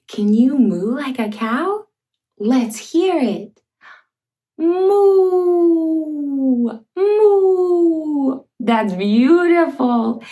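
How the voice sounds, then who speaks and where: A young woman hosting a toddler learning video, talking in a slow, exaggerated sing-song way and playfully making animal sounds. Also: on the high side, darkish tone. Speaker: children's educational host.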